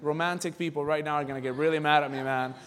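Male preacher, animated, shouts then drops to near-whispers, high voice, long hall reverb. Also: fast talker. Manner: animated, swings from shouting to low quiet asides. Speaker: pastor. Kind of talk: sermon.

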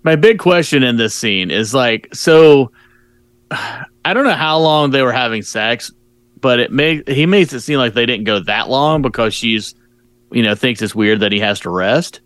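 A man with a mid-pitched, smooth, clear voice, dry and close to the mic. He talks in an easygoing way and stumbles into his points with restarts. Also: lively intonation, unhurried, a bit bright, no echo. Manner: easygoing, hesitant restarts, enthusiastic about gore. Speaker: podcast co-host reviewing horror films. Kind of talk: casual chat.

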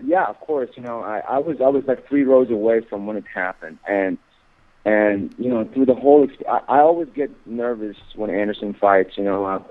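A man being interviewed, talking haltingly with many repeated words and growing emphatic as he goes. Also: on the low side. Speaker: guest. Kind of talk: interview on radio. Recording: tinny phone line.

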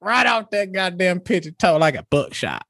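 A man acts out a brash Southern loudmouth who swears freely and drops folksy sayings that make no sense. His voice sits a bit high. The recording is dry and close. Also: lively intonation, normal speed, gravelly, no room sound, heavily acted. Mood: folksy crude. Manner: crude, folksy nonsense sayings, swears a lot. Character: crude brash Southern man called Rooster. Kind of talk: improvised comedy character.

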